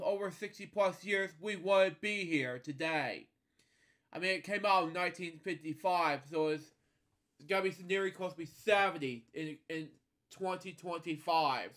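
A man's voice: sits high, fairly bright tone. Chatty man reading a storybook aloud. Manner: halting, repeats words, adds offhand comments. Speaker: storybook reader and host. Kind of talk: casual read-aloud with chatty asides.

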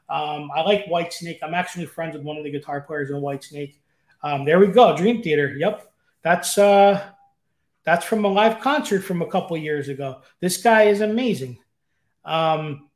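A man as an interview guest, chatting eagerly and rambling with lots of fillers. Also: on the high side. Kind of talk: casual interview chat. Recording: roomy echo.

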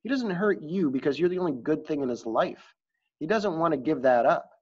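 Earnest worked-up teacher guy, a man reading him out, pushy and pleading, kinda high voice, muffled audio. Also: animated, fairly quick, breathy edge. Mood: urgent. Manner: urgent and pleading. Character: earnest, passionate male teacher. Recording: dull lo-fi audio.

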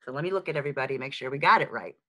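Chatty New York woman teaching online. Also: a bass voice. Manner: lively, chatty and frank, with quick asides and self-mocking jokes. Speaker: sign language teacher. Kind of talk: live online lesson. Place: home, on a video call. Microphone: video call microphone.

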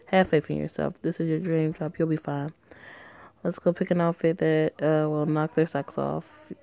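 A woman's voice: deep voice, level tone, moderate pace, vocal fry, mellow. Woman doing a reassuring young best friend. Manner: upbeat and reassuring.

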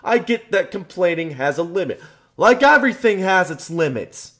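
Loud, high-voiced ranting man. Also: big pitch swings, normal speed. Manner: loud, profane, emphatic ranting. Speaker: channel host. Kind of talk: ranting vlog.

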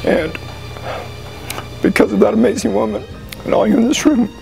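Emotional American man giving a halting speech. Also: sits high, wildly swooping pitch, creaky, mellow, faint music behind, rough recording. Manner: halting, emotional, with frequent pauses and restarts. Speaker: high school football coach. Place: banquet room with an audience.

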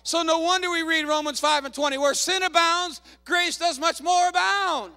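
A man pastor preaching a fervent sermon, calling out hallelujahs and shouting to the congregation. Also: very high-pitched, moderate pace, hardly any pauses, no room sound, studio quality.

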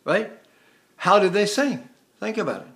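An older voice teacher from the United States talks through singing technique in a high, bright voice. He rambles and restarts, now and then breaking into sung vowels to show what he means. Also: big pitch swings, normal speed. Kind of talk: vocal lesson with sung demonstrations.

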